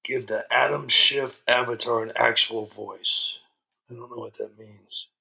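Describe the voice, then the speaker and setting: A man chats casually on his livestream, greeting viewers and reading their comments. He talks in a rambling way. His voice is strikingly bright, with a gravelly edge. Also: mid-range voice, fairly even intonation, measured pace. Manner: rambling, frequent ums and restarts. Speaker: livestream host.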